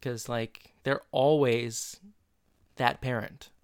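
A man's voice: mid-range voice, takes it slowly, clear, resonant tone, dry recording, clean studio sound. A man co-hosting a podcast, casually recapping a TV episode in a jokey way and jumping in often. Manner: lively, jokey, interjecting. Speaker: podcast co-host.

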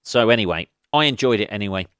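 English comedian guy rambling on his podcast, smooth voice, swears a lot, dry close mic. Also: on the low side, animated, quick pace, a bit bright, no room sound. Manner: rambling, sweary, self-mocking. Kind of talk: casual solo podcast ramble.

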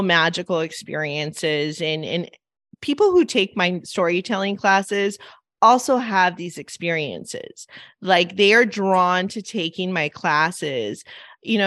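A woman's voice: mid-range voice, fairly bright tone, no echo, studio quality. A woman hosting a podcast, telling a long anecdote in a rambling, casual way with frequent fillers and acted-out voices. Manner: rambling, many "like" and "right?" fillers; acts out quoted voices. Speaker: podcast host. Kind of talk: casual chat, anecdotal storytelling.

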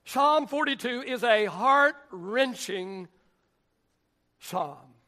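A male pastor preaching a sermon in a church, reading scripture and praying in a deliberate, emphatic way that swells at times into shouts. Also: very high voice, lively intonation. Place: church sanctuary.

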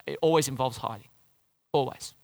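A man preaching a sermon in a lively, conversational way, often asking the congregation questions. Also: medium pitch, moderate pace, creaky, dry recording. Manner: lively, conversational, asks the crowd questions, restarts.

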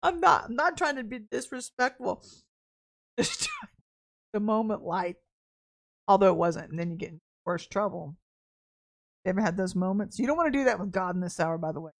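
A woman's voice: on the low side, brisk, pauses often. A woman giving a casual podcast sermon, telling stories with laughter and acting out quoted voices. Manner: animated storytelling with laughter and acted quotes. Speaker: podcast preacher.

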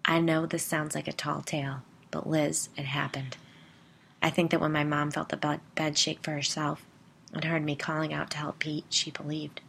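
Woman reads grown man, hushed half-whisper, low gravelly tone, storytelling. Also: level tone, moderate pace, a little hiss or hum. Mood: solemn. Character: grown man recalling childhood haunting. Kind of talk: storytelling narration.

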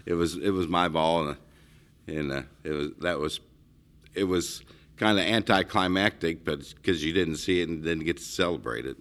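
A middle-aged man with a very deep, low voice tells stories in an easygoing, rambling chat. He restarts his sentences often and wanders from one detail to the next. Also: normal speed, a bit bright. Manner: rambling, storytelling, frequent restarts. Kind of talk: casual conversation.

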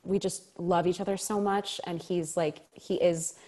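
A woman with a slightly low voice tells a story as an interview guest. She is animated and laughs often, and she acts out the lines of the people she quotes. She speaks as an actor recalling her own experiences. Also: a little slow.

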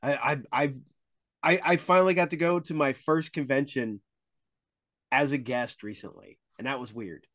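A man's voice: medium pitch, moderate pace, a bit bright, no echo, studio quality. A man hosting a podcast interview in an easygoing way, laughing often and stumbling over restarts. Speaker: podcast host. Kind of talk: casual interview chat.

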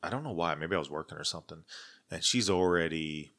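A man's voice: sits low, quick pace, fairly bright tone. A man in his forties, co-hosting a podcast, telling a story in casual chat, acting out the voices in what people said and swearing freely. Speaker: podcast co-host.

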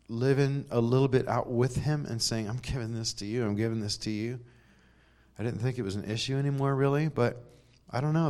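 A man's voice: medium pitch, a little mellow. A man giving a conversational sermon in a church, telling stories with self-deprecating humor and laughs. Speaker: preacher.

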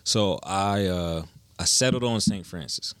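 A man's voice: deep voice, measured pace, fairly bright tone, smooth, dry recording. A young man telling stories in casual, slangy talk as a musician guest in an interview. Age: young adult. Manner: laid-back slangy storytelling.

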